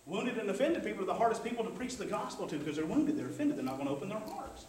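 A high-voiced man preaching to his congregation in a loose, conversational way, dropping in quick asides for them to answer. He sounds distant, in a very echoey church sanctuary, with a faint hum of room noise behind him. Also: sing-song, a little mellow. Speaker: pastor. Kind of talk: sermon. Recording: echoey church hall, mic from afar.

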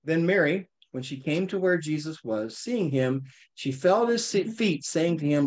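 A man leading a casual Bible study, reading verses aloud and explaining them with lively, animated asides. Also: fairly high pitch, normal speed, few pauses. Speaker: Bible teacher. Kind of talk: conversational Bible study teaching.

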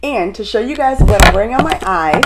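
A woman's voice: mid-range voice, brisk, heavy background noise. Gushing woman beauty vlogger. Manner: gushing, excitable, talks straight to viewers. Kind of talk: casual unboxing vlog.

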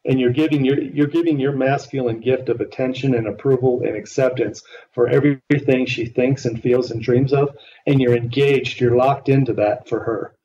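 A man's voice: medium pitch, fairly even intonation, moderate pace, warm tone. A man working as a relationship coach, talking earnestly and emphatically in a podcast interview. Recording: distant, muffled line with faint noise.

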